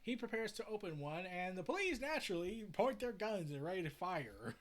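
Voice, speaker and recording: Animated man recapping a comic. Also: high voice, a little fast. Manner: casual, summarizing. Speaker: comic reviewer.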